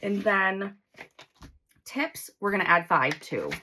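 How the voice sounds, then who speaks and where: A chatty woman in her forties counts cash aloud as she talks to her viewers. Her voice swings up and down with lively excitement, at a middle pitch, with a faint noise underneath. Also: takes it slowly. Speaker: budgeting vlogger. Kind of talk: casual chat while counting cash.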